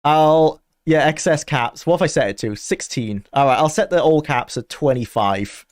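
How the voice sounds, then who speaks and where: A man's voice: a little high, animated, moderate pace, no room sound, clean studio sound. A young man chatting casually on a game stream, laughing often and talking to his chat.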